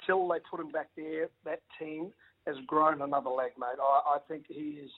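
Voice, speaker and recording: A middle-aged man, a former rugby league player, chatting excitedly as a radio guest, stumbling over restarts and calling everyone mate. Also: a little high, moderate pace. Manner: excitable, stammering restarts, says mate a lot. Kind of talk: casual radio phone interview. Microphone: phone. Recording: phone-line audio.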